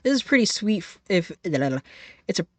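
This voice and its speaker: A woman's voice: medium pitch, lively intonation, normal speed, dry recording. A young adult woman streaming a game live, reading its text aloud in a profane, playful way.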